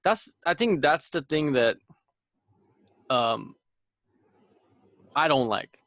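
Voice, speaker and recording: A man's voice: fairly high pitch, expressive, slow, a bit bright, no room sound, clean studio sound. A man co-hosting a casual podcast, speaking bluntly and swearing freely. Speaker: podcast co-host. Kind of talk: casual chat.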